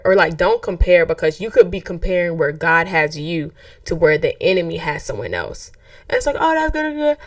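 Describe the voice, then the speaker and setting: Young woman doing a faith podcast, low-ish voice that jumps around a lot, dry sound, a bit off mic. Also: no echo, recorded from a distance. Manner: animated, conversational, acts out quoted voices. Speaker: podcast host; track coach.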